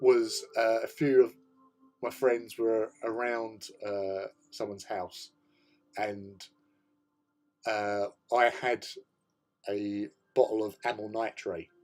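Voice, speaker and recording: A man's voice: fairly low pitch, fairly even intonation, slow pace, pauses often, darkish tone, faint music behind. A middle-aged British man hosting a hobby chat, telling a rambling story, laughing often and swearing casually. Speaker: hobby channel host.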